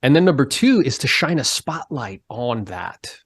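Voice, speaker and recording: A man hosting a podcast, talking in a casual interview style, animated and emphatic as he pushes his pitch up to stress points. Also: moderate pace, slightly rough, no echo, studio quality. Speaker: podcast host.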